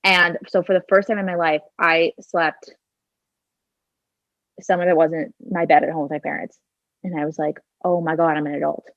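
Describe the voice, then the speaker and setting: A woman in her twenties tells a personal story as a podcast guest, leaning on filler words and voicing her own thoughts. Her voice sits fairly low. She speaks into a handheld phone, so the sound is dull and lo-fi with no room echo. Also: level tone, normal speed. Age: 20s. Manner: chatty, leans on "like" and "kinda", acts out her own thoughts.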